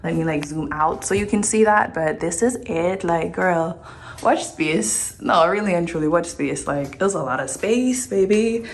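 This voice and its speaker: A woman giving a casual, excited tour of her new apartment, chatty and playful with slang, filming on her phone. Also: fairly low pitch, moderate pace, slight background noise. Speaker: vlogger. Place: large empty apartment indoors. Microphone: phone held in hand. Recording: echoey empty rooms, phone mic.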